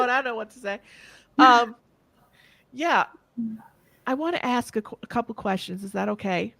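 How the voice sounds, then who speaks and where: A woman's voice: fairly high pitch, moderate pace, gravelly, long pauses, a bit bright, no room sound. Woman podcast host, loose and chatty, full of fillers, dry close mic. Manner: chatty and open, many fillers, asks long questions. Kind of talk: casual interview chat.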